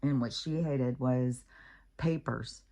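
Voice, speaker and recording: At home with her dog nearby, a middle-aged American woman vlogs in a casual, wandering monologue, dropping many fillers and restarting often. Her voice is a slow, warm bass.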